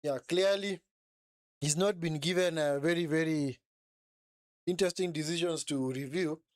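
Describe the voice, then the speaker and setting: A man calls a football match live for his stream, excitable and chatty, looping back over the same words and ending lines with a questioning "eh?". His voice sits a little high and comes through smooth and clear. The sound is close and dry, with no room behind him. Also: moderate pace, no room sound. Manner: excitable, repeats phrases, frequent tag "eh?". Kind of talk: live match commentary and chat.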